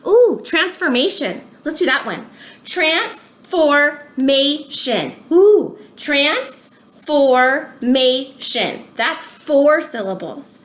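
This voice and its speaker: A woman's voice: high-pitched, fairly bright tone. A woman teaching a preschool science lesson at home, counting aloud and asking questions, stretching her words for small children. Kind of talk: slow, sing-song lesson for young children.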